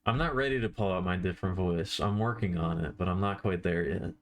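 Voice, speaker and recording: A man's voice: low voice, a little fast. A man chatting casually on a live stream while he draws, rambling and self-deprecating, with offhand swearing.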